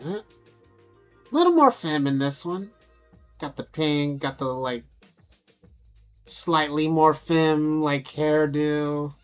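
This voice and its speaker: A woman's voice: sits low, animated, slow pace, pauses often, faint music behind. A young adult woman vlogging casually, brash and profane, amused at herself as she talks through photos. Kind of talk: casual vlog talk over photos.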